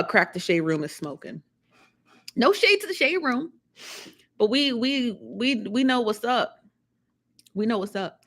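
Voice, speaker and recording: Chatty woman hosting a live stream. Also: lowish voice. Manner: chatty, animated, repeats herself, laughs often. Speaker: live show host. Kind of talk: casual live-stream commentary.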